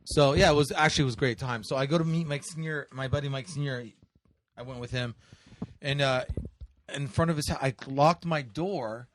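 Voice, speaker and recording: A man's voice: medium pitch, brisk, a little hiss or hum. A man co-hosting a podcast, telling a story in a rambling, profane way full of fillers. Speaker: podcast co-host. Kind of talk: casual chat.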